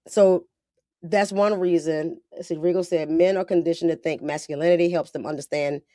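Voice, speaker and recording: A woman's voice: on the low side, steady tone, normal speed, mellow, dry recording, clean studio sound. Blunt, slangy woman podcast host. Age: adult with a daughter. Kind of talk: casual podcast chat.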